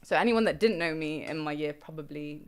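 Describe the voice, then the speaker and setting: A young woman, a rapper guest telling animated stories in a casual interview and laughing often. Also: low voice, a little fast, a crowd in the background.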